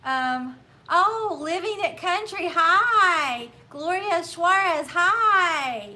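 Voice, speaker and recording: A woman's voice: extremely high pitch, expressive, extremely slow, pushed and bright. Cheerful woman hosting a casual livestream. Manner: cheerful, reads out viewer names and comments. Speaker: craft livestream host. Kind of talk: casual livestream chat greeting viewers. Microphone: laptop or phone mic.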